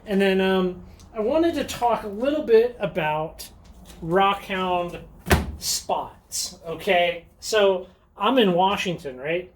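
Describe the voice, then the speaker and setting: A man's voice: high-pitched, lively intonation, slow pace, noisy background. A man hosting a casual show-and-tell vlog who talks in a chatty, enthusiastic way, with frequent ums and little laughs. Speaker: rockhounding channel host.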